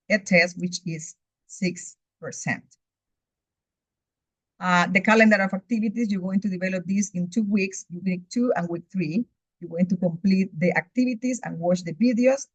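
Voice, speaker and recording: A woman's voice: fairly low pitch, breathy edge, no echo. A woman teaching English, whose first language is Spanish, reading methodically through a course outline in a recorded overview. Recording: dull lo-fi recording, dry.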